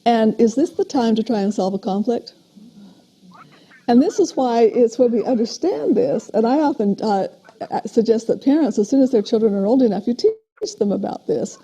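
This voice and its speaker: An older woman, a parent educator, giving a steady, explanatory lecture on parenting in a recorded talk. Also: a little high, moderate pace, breathy edge. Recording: dull lo-fi video playback.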